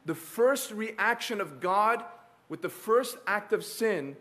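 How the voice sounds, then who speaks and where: A man delivers a sermon in a high, ringing voice. He speaks emphatically and builds through repetition. He leaves long dramatic pauses between the lines. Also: lively intonation, a bit bright. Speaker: preacher.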